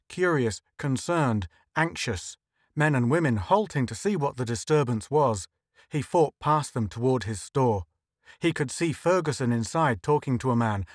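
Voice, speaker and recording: A man's voice: mid-range voice, dry recording. Man narrating a story, dry close sound. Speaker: audiobook narrator. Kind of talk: scripted narration.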